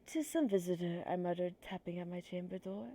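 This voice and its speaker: A woman's voice: on the low side, brisk, dark tone. A woman streamer with a stuffy nose reading poetry aloud on a livestream, nervous and self-conscious, apologizing for her slips.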